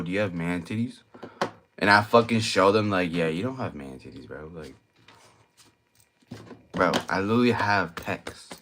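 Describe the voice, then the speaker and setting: A man's voice: on the low side, a bit bright, slight background noise. A young man, tipsy from drinking, rambling through a crude, slang-heavy late-night monologue and repeating his points. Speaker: vlogger.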